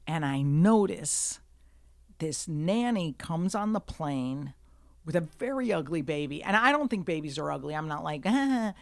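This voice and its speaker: A woman comedian telling stories on a podcast, profane and animated, jumping to shouts when she acts out scenes, recorded in a studio. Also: sits low, a little slow, vocal fry, no room sound. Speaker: guest comedian. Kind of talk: storytelling in a podcast conversation.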